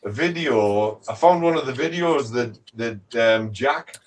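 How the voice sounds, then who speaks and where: A man telling a lively anecdote in a casual chat, acting out the voices he quotes. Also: medium pitch, unhurried. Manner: animated, acts out quoted voices. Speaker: guest crew member. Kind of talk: casual storytelling. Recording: distant mic with faint noise.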